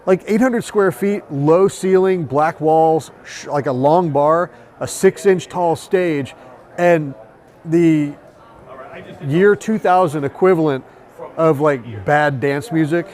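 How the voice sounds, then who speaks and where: A man, a tattoo artist, telling travel stories in casual chat, animated and profane. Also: a little high, slow. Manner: profane, animated storytelling with quoted voices. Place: busy tattoo convention.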